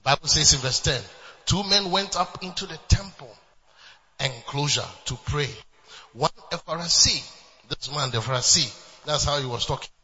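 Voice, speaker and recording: A man's voice: a little high, moderate pace, bright, forceful tone, big-room sound, lo-fi sound. A man preaching a sermon as pastor, emphatic, with repeated refrains and bursts of laughter.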